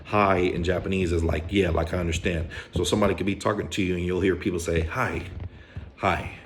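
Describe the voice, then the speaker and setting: Deep-voiced laid-back man from Hawaii. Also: slight background noise. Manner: relaxed, repeats words slowly, casual swearing. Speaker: vlogger teaching Japanese words. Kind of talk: casual slangy explainer.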